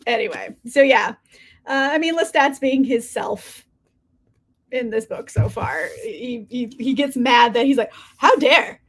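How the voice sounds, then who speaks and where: Brief: high-pitched woman, chatty book streamer, casual and giggly, swears lightly. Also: unhurried. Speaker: reading live-stream host. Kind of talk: casual chat to live viewers.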